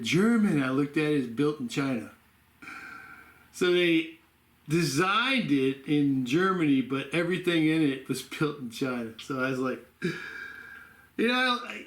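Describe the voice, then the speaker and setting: A man's voice: on the high side, fairly bright tone. A man vlogging casually at home in the evening, rambling and sleepy, stopping now and then to yawn. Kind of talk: casual home health vlog. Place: home room. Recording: roomy echo.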